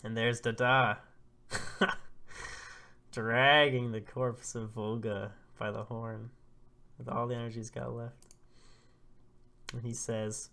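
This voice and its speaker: A man hosting a casual manga read-through, excitable and laughing as he retells the chapter. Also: medium pitch, takes it slowly, creaky, long pauses.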